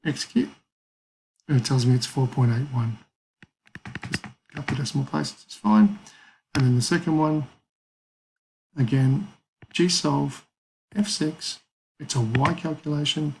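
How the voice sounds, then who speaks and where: A man's voice: a little high, a little slow, gravelly, pauses often, a little mellow, slight background noise, rough recording. A man teaching a maths lesson, talking casually through calculator steps and thinking aloud. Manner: casual, thinks aloud with fillers and small apologies.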